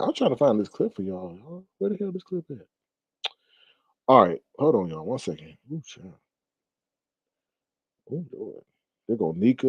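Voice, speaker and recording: A man's voice: on the low side, darkish tone, no room sound. A man hosting a casual livestream gossip show, chatting and laughing as he talks straight to his viewers. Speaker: YouTube commentary host.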